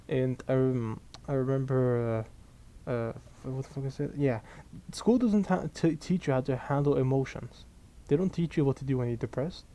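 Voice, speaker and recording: A young man, his tone dark and mellow. He rants casually to camera, swearing freely and sounding fed up and animated. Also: mid-range voice, normal speed. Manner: profane, exasperated, animated storytelling. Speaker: vlogger. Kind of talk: casual ranting monologue.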